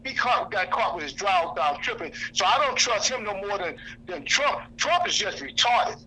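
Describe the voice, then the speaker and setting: A man speaking in a fiery, preacherly way to a lunch crowd, his voice pitched high and cutting with a very sharp, bright edge. He talks bluntly, hammers points home by repeating them, and cites scripture chapter and verse. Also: animated, normal speed, slight background noise, poor audio. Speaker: activist speaker. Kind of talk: impassioned speech to a lunch audience. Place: indoor lunch gathering.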